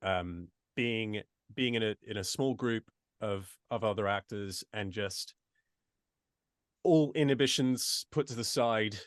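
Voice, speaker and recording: A man's voice: fairly low pitch, slow, dry recording, clean studio sound. A man from the United States who speaks with an English accent, a voice actor chatting casually in an interview with many restarts and asides. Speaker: voice actor guest.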